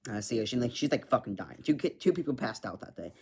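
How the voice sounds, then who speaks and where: A man's voice: mid-range voice, animated, quick pace, creaky, slightly rough. A man rambling through a personal story in casual chat, full of filler words and frequent swearing. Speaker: vlogger.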